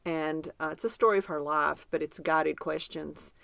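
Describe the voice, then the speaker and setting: A woman with a Southern accent co-hosting a podcast, chatting warmly and describing gift ideas in detail. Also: low voice, steady tone, normal speed, vocal fry, no room sound. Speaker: podcast co-host. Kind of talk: casual podcast chat.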